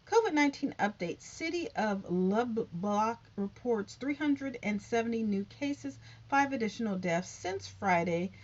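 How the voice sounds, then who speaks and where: A woman's voice: on the high side, expressive, measured pace, few pauses. A woman hosting a casual news vlog, reading headlines aloud and adding chatty asides to her viewers. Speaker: YouTube covid news host. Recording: dull lo-fi sound.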